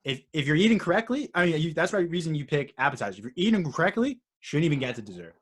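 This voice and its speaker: A young man hosting a casual podcast, rambling and excitable with lots of fillers. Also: on the high side, fast. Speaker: podcast host. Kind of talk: casual chat.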